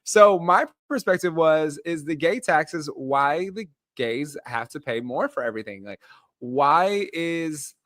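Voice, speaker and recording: This American man co-hosts a casual podcast over a remote call, laughing easily and drawing out his greetings. His voice sits a little higher than usual, and the sound is dry and close with no room echo. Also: lively intonation, a bit bright. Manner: giggly, playful, drawn-out greetings. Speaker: podcast co-host. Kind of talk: casual chat.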